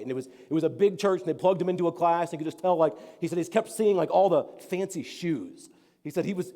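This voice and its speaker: A man's voice: a little high, mellow. A man, preaching a sermon as a pastor and telling a story in an earnest, rambling way with many fillers. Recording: long hall reverb.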